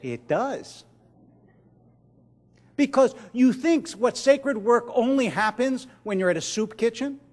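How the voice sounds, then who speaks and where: Expressive man telling stories to a crowd. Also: extremely high pitch, big-room sound. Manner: dramatic pauses, drops to a hush at key lines. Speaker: rabbi giving a keynote speech. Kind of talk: storytelling speech to an audience. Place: large event hall.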